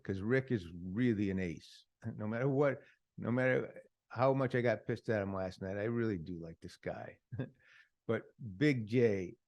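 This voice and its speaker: A man's voice: mid-range voice, dry recording, studio quality. A man hosting a podcast in casual chat, praising things in a rambling, enthusiastic way. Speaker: podcast host.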